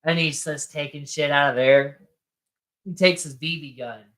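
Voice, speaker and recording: A podcast co-host recapping a movie's plot in casual chat, acting out quick quotes along the way. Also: mid-range voice, steady tone, fairly bright tone.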